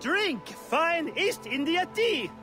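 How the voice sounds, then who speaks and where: A man's voice: very high-pitched, big pitch swings, slow pace, over loud music, exaggerated voice. A stammering, fearful townsman. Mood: proclaiming. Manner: pleading, stammering.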